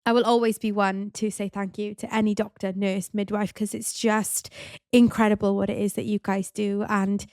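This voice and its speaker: A woman, telling a personal story in a chatty, animated way with lots of "like" and "you know". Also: mid-range voice, moderate pace, smooth, no room sound, clean studio sound. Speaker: podcast host. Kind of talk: casual storytelling monologue.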